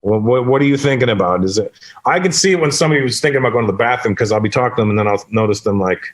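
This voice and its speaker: A male comedian tells stories in a loose, animated conversational way. He keeps slipping into quoted voices to act out scenes, and his voice sits in an ordinary middle range. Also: mid-range voice, rapid-fire. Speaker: stand-up comedian, guest. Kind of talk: casual storytelling in conversation.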